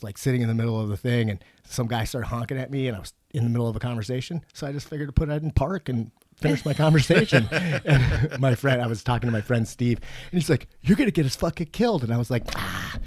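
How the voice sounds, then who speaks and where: A man co-hosting a podcast, telling stories in casual, profane, animated chat. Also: mid-range voice, husky, no echo. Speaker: podcast co-host.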